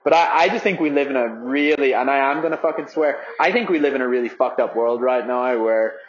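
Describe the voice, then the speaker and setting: A man's voice: mid-range voice, a little fast. Young irish-raised runner guy rambling and swearing, full of likes and ums, kinda muffled lo-fi sound. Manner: rambling, filler-heavy, swears freely. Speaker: marathon runner vlogger. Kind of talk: casual spoken update.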